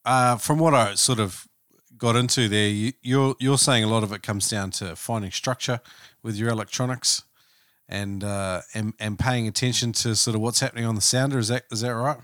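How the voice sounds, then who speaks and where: A man's voice: fairly low pitch, steady tone, moderate pace, a bit bright, no room sound, studio quality. A man hosting a podcast interview, asking questions in a hesitant, searching way with many ums and likes. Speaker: podcast host.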